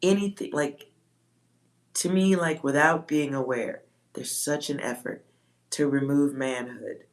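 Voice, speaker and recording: A woman's voice: low voice, a little slow. A woman from Texas, talking casually and bluntly on a livestream as a psychic reader, swearing freely and laughing often.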